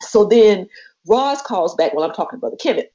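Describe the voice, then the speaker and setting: Podcast co-host, woman; lively storyteller who acts out every quote; dull lo-fi sound. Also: medium pitch, brisk. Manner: expressive, acts out quoted voices, laughs often. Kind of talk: animated storytelling chat. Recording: muffled lo-fi podcast audio.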